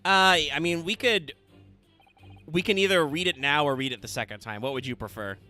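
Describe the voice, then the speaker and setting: A man's voice: a little high, brisk, pushed and bright, soft background music. A man casually commentating a story game he is playing, joking with a co-host. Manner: jokey, chatty. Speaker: let's play host.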